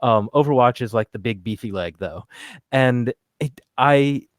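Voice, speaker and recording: A man's voice: mid-range voice, measured pace, no echo. Rambling New York man, dry podcast mic. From New York City area. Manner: loose and rambling, many "like"s and restarts, reads chat questions. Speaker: podcast host. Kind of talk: casual podcast chat.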